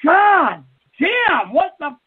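A man's voice: extremely high pitch, big pitch swings, extremely slow, exaggerated voice. A man playing a crude, angry pastor calling in to insult the host. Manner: insulting, spells words out. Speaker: caller. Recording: husky tinny phone line.

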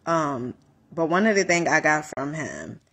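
A woman life coach giving a casual motivational talk, animated, repeating phrases and calling listeners honey. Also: low-pitched, a little slow, breathy edge.

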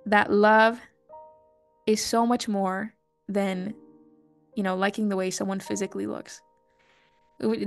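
Gravelly-edged young woman, earnest chat. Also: fairly high pitch. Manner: chatty and earnest, many fillers, soft self-soothing asides. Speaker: podcast host. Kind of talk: casual personal monologue.

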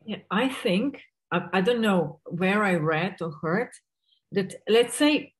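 A woman moderating an online talk, asking halting questions. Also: mid-range voice, expressive, poor audio.

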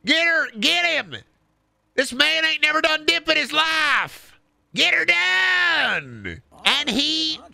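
A man voicing a shrill backwoods preacher with a put-on high country drawl, shouting and preaching. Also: a little slow, creaky, no echo, heavily acted. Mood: fired up.

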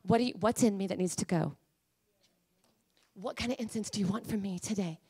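A woman preacher delivering a sermon, emphatic and pleading, at times rising to high fervent cries. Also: fairly quick, mellow, slightly rough.

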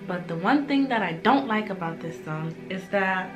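A woman's voice: medium pitch, lively intonation, normal speed. A young woman hosting a music reaction video, chatting casually and gushing emotionally over each song. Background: song playing in the background.

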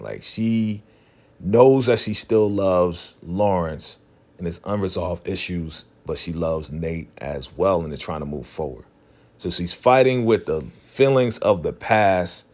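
Slangy, low-voiced man recapping a show. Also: darkish tone. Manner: retells scenes by half-acting the characters' quoted lines; slangy, talks straight to viewers. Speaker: TV episode recap host. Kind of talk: casual spoken recap.

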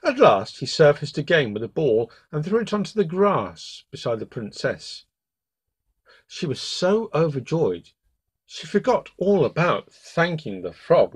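A male storyteller reads a classic fairy tale aloud for bedtime. His voice is husky and breathy, and his pitch moves expressively up and down as he narrates. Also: sing-song, unhurried.

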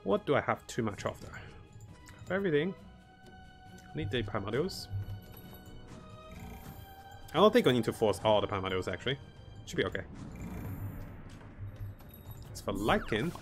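Male streamer, mid-pitched voice, chatty play-by-play with frequent chuckles, soft music underneath. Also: very animated, normal speed, pauses often. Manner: thinks aloud, chuckles often, greets viewers. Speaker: game streamer. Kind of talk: live gameplay commentary.

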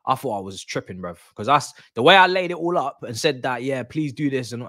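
A young man reacting live during a football watch-along, excitable and slangy, swearing and repeating himself. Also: medium pitch, quick pace, no echo, studio quality.

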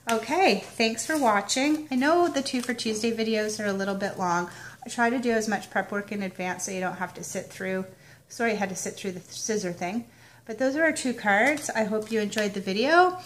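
A woman's voice: mid-range voice, fairly quick, slight background noise. Chatty woman narrating a craft tutorial. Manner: chatty, self-narrating while working. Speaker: papercraft demonstrator.

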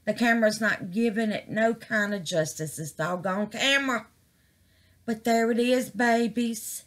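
A woman, chatting casually to camera as a crafting vlogger, excited and full of exclamations, calling her viewers "babies". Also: fairly high pitch, measured pace.

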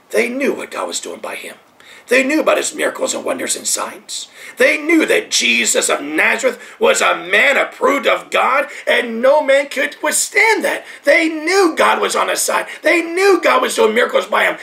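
A man's voice: very high voice, sing-song, normal speed, gravelly. A man from the United States preaching a sermon, repeating his points with emphasis and dropping to near whispers. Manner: repetitive emphatic preaching, swinging from loud to hushed. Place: Thailand.

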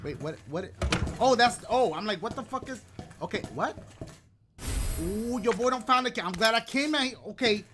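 A man giving excitable, profane let's-play commentary, talking back to game characters and yelping when scared. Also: high-pitched, normal speed, background noise. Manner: panicky yelps and shouts when scared. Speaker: gaming video host. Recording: loud game audio and clicks behind voice.

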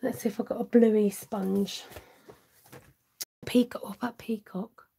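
This cardmaking livestream host has a gravelly, mellow, breathy mid-range voice and speaks at normal speed in a steady tone. Chatty and casual, she reads viewers' comments aloud, responds to them, and tosses in self-deprecating remarks while crafting.

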